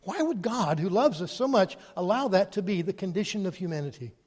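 Man preaching, high voice, animated, loud peaks and soft asides, long hall echo. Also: brisk. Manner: animated, swinging from loud emphasis to quiet asides. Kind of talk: sermon.

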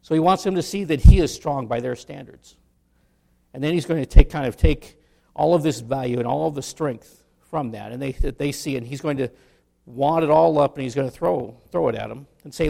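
A man, a pastor, delivering a sermon in an animated style with humorous asides. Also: mid-range voice, brisk, gravelly.

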